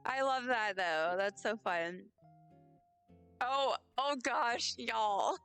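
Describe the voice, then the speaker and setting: A tired woman streams a game and chats away, rambling and joking at her own expense. Her voice sits a little high and rings bright and smooth. Soft music plays underneath her. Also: lively intonation, very slow. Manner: chatty, self-deprecating, rambling. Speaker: live streamer. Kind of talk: casual chat while playing a game.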